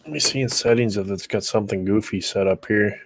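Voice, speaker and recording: A man's voice: fairly low pitch, brisk, gravelly, dry recording, studio quality. A man hosting a casual homestead livestream, talking easily with viewers and walking them through joining the call. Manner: easygoing, talks viewers through joining the stream. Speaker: livestream host on a rural homestead.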